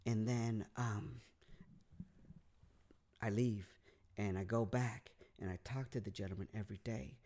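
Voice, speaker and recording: Guy with a gravelly voice, comedian rambling through a story on a podcast, lots of restarts. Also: lowish voice, fairly even intonation, unhurried, pauses often, mellow. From California. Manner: rambling, with restarts and repeated words. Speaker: comedian guest.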